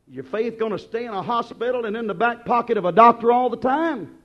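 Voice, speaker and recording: Fiery preacher on a lo-fi recording. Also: male voice, extremely high pitch, animated, brisk. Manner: dramatic storytelling preaching, acting out quotes, rising to shouts. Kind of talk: sermon. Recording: dull lo-fi sermon recording.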